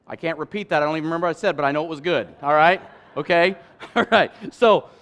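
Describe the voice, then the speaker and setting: Guy pastor preaching, kinda high voice, gets loud then drops way quiet, cracks jokes w the crowd. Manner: lively preaching, swings from loud emphasis to quiet asides, jokes with the congregation. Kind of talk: sermon.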